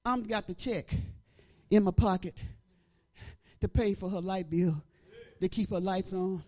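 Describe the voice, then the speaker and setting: A middle-aged woman preacher giving an animated testimony, breaking into praise and shouting at the peaks. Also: mid-range voice, a little slow. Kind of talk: testimony sermon.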